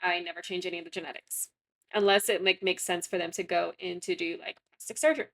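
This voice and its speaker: A woman's voice: on the low side, steady tone, fast talker, fairly bright tone. A young woman chatting casually through gameplay commentary, rambling and often correcting herself mid-sentence. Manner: rambling, chatty, frequent self-corrections and fillers. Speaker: gaming content creator.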